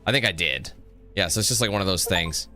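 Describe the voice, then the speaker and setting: Fast-talking man playing a game. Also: low voice. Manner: fast, bright, chatty, reads game text aloud. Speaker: gameplay streamer. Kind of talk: let's-play commentary and reading aloud. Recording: voice over game audio with faint music.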